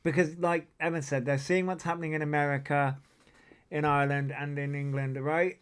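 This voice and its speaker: A man's voice: on the high side, level tone, moderate pace, smooth. Rambling man chatting on a livestream. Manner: rambling, tangential, swears often. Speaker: livestream host. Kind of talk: casual livestream chat. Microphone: desk mic that picks up a lot.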